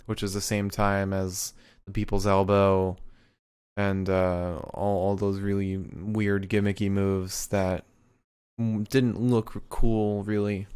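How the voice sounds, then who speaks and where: A man co-hosting a podcast, adding calm, measured, hedging remarks. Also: fairly low pitch, clean tone. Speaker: podcast co-host. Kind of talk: casual wrestling chat.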